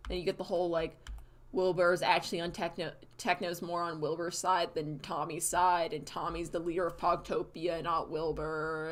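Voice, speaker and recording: A woman streaming late at night, tired and rambling. She talks in loose, casual chat with crude slang and trails off often. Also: fairly low pitch. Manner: rambling, many fillers and restarts, crude slang. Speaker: livestreamer.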